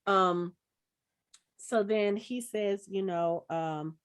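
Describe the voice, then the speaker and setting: A woman's voice: mid-range voice, very slow, clean tone. A woman in her forties talking on a casual podcast, retelling a film with lots of energy and little acted-out bits of dialogue. Her voice sits in a middle range for a woman. She is a co-host chatting with friends. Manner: animated storytelling, acting out movie scenes. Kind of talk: casual chat.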